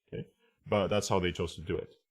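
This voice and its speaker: A deep-voiced man teaching translation in a relaxed online class. He walks through each point slowly and keeps asking "right?" and "okay?" to check that his listeners follow. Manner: reads Japanese phrases aloud. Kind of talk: casual online lesson.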